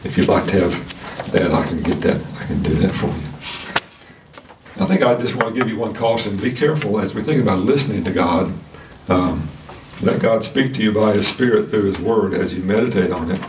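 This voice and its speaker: A man teaching a casual Sunday school lesson, talking in a halting way with many restarts and fillers. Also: fairly low pitch, slight background noise. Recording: roomy sound from a distant mic.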